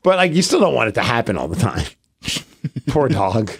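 Gravelly guy rambling thru a podcast story, voice bounces up and down a lot, says like constantly. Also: medium pitch, normal speed. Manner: rambling storyteller, animated, many "like" fillers. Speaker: podcast co-host. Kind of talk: casual chat.

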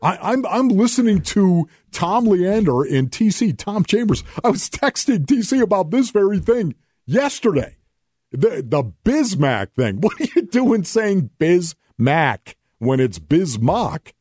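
A man's voice: sits high, big pitch swings, unhurried, darkish tone, breathy edge, no room sound, studio quality. A man hosting a sports radio show, joking and teasing his co-host in casual talk. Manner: playful, teasing, repeats words for effect.

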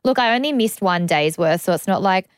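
A woman's voice: medium pitch, lively intonation, fairly quick, clear, resonant tone, no echo. A young Australian woman hosting a podcast, chatting candidly and rambling with lots of "like" and casual swearing. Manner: rambling, frequent "like", swears freely. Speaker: podcast host.

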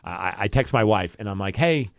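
A man's voice: on the low side, lively intonation, fairly quick, creaky, no room sound, clean studio sound. A man hosting a radio show, telling a personal story in an earnest, emotional way. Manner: earnest and emotional, quoting people in his own voice. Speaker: radio and podcast host. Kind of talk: storytelling chat. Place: radio studio.

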